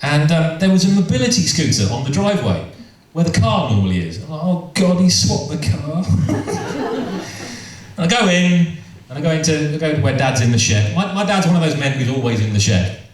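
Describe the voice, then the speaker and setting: A stand-up comedian with a fairly high, very animated voice tells stories at a fairly quick pace. He rambles, repeats himself, interrupts himself and tosses in amused asides, recorded from far off in an echoey room.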